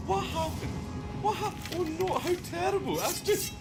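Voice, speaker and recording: A man's voice: very high voice, lively intonation, normal speed, music in the background. A man playing a melodramatic figure who wails in exaggerated, theatrical shock, heard as a soundboard clip. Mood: mock horror. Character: melodramatic man wailing in mock horror.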